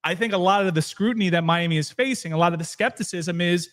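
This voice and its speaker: Passionate higher-pitched male sports host. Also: fast, few pauses, a bit bright. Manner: passionate, argumentative. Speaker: podcast co-host. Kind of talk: animated sports talk.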